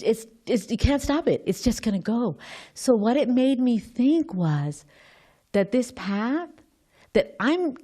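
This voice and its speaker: A woman's voice: lowish voice, a little mellow. Woman giving a chatty scripture class. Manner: thinks aloud, quizzes the audience, restarts often.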